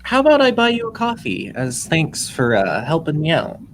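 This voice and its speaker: A man's voice: on the high side, huge pitch swings, normal speed, slight background noise, voice pushed up. A man voicing a sheepish, friendly young woman in a tabletop game, apologetic and hesitant, with stammers.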